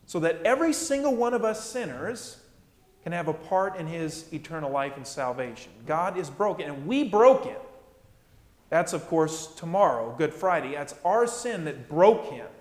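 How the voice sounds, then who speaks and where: A man's voice: on the high side, expressive, moderate pace, darkish tone, reverberant, long reverb tail. A man preaching a sermon as pastor, emphatic and repeating his key phrases.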